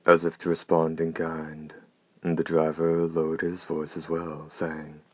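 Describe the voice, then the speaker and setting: A man narrating an audiobook in a measured, steady, unhurried way. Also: a bass voice, dry recording.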